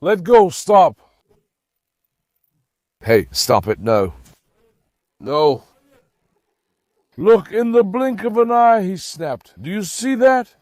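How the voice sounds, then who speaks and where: A man hosting a dog vlog, who excitedly pleads with and scolds his dogs, then calmly comments on their behavior. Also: high voice, slow, long pauses, no echo, studio quality. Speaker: dog owner and channel host. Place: outdoor garden with dogs.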